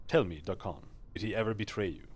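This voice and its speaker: A man's voice: fairly low pitch, quick pace, darkish tone, husky. A man voicing a curious immortal hero, reading game dialogue aloud and asking plain, probing questions.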